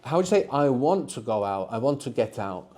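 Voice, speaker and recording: A man's voice: medium pitch, very animated, brisk, warm tone. A man teaching a live beginners' language workshop, patiently explaining and prompting students to answer.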